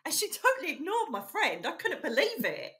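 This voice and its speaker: Bright-voiced chatty middle-aged Englishwoman. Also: high voice, huge pitch swings, a little fast. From England. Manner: chatty, emphatic, fond of saying "literally" and "you know". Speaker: psychic medium, guest. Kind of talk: casual storytelling interview.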